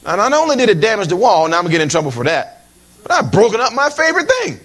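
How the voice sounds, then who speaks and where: Animated, fairly high-voiced male preacher. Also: quick pace. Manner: animated and humorous, with frequent asides to the congregation; repeats words and restarts phrases while preaching. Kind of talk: sermon.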